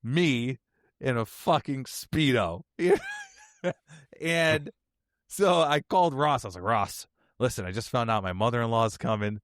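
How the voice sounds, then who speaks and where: A man hosting a podcast, telling a funny personal story in a casual, animated way and laughing often. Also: mid-range voice, measured pace, no echo, studio quality. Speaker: podcast host.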